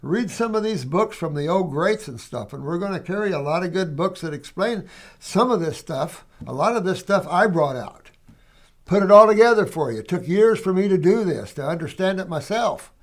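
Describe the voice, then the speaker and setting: A man's voice: high-pitched, animated, normal speed. A man hosting a health show, speaking in a folksy, emphatic way and calling listeners "honey" and "dear one". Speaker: health show host reading viewer letters. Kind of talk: casual monologue answering letters.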